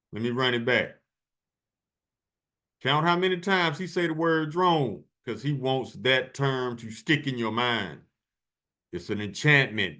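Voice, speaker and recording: An emphatic male host talks over video clips in a loose, preachy style, leaning hard on certain words and repeating them. His pitch sits at an ordinary middle height for a man. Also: fairly bright tone. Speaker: channel host.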